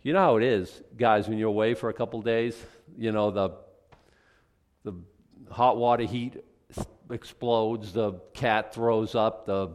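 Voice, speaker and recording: A man's voice: lowish voice, fairly even intonation, unhurried, darkish tone. A male pastor preaching a sermon in a conversational, joking, rambling way.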